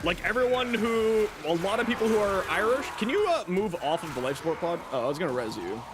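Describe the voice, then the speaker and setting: A man's voice: high-pitched, sing-song, fast talker. Young guy streamer rambling to chat mid-game, bouncy voice, noisy game sound behind. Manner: chatty, answers chat while playing. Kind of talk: casual gaming livestream chat. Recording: game audio and background noise.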